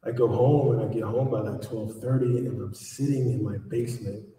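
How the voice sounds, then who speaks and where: Man, author at a live event, lively storyteller, mellow tone, heard from far off in a big reverberant hall. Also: lowish voice, normal speed, a little hiss or hum. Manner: animated storyteller, acts out dialogue. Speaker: author speaking at a book event. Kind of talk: storytelling talk to a live audience. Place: large echoey hall. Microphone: distant from the recording mic. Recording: echoey hall recorded from far off.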